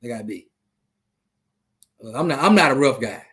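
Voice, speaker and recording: A man's voice: medium pitch, expressive, moderate pace, fairly bright tone. Loose trash-talking man on a stream. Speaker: podcast host. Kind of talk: casual sports talk on a live stream.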